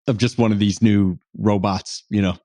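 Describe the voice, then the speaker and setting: Low-voiced joking podcast host. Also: male voice, fairly even intonation, moderate pace, mellow, dry recording. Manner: joking, laid-back. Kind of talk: casual podcast interview.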